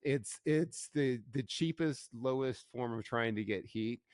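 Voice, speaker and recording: A man in casual podcast conversation, talking animatedly and often restarting mid-sentence. His voice sits at an ordinary middle pitch. The sound is close and dry, with no room around it. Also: a little slow, darkish tone, no room sound. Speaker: podcast co-host. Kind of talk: casual recap chat.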